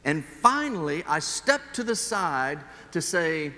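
Bright-voiced pastor preaching in a reverberant church. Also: male voice, fairly high pitch, sing-song. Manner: earnest storytelling, shifting from slow emphasis to quick asides. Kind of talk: sermon with personal anecdote.

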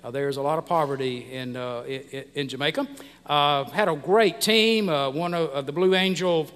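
A middle-aged man from the United States, preaching a sermon as pastor, who speaks haltingly, with many fillers and restarts. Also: a little high, fairly bright tone, clean tone. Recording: long reverb of a hall.

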